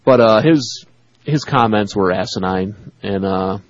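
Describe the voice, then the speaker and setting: A man's voice: on the low side, unhurried, dry recording. A man co-hosting a sports radio show, chatting casually and reading listener emails aloud, laughing often. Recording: dull dry radio studio sound.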